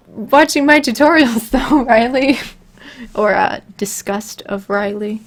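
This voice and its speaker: A woman chats with viewers in a slow, unhurried way, with a gravelly edge to her voice. She rambles, giggles and pokes fun at herself as she takes questions. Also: a little high. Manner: rambling, giggly, self-deprecating. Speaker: streamer answering viewer questions. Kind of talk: casual livestream chat.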